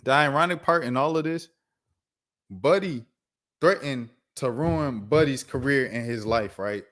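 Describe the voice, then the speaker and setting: A young man runs his own sports commentary show, reading news stories aloud and then launching into heated, disbelieving rants. He talks in casual slang and keeps tossing in "bro" as he gets worked up. His voice sits at an ordinary middle pitch for a man. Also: measured pace. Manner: animated, incredulous rants with slang and repeated "bro". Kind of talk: reacting to news while reading articles aloud.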